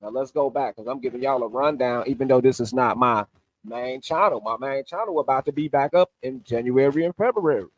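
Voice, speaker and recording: A man's voice: mid-range voice, brisk. A man recapping an online debate on a livestream, emphatic and argumentative while he walks through sources on screen.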